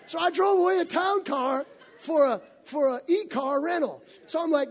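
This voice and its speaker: A man's voice: very high-pitched, moderate pace. A man preaching a sermon, telling a story animatedly and acting out the scenes. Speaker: pastor.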